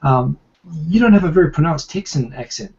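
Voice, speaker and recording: A man's voice: on the high side, lively intonation, a little fast, a little mellow. Man, New Zealand accent, livestream host, rambling casual chat, dull lo-fi sound. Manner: chatty, rambling with restarts.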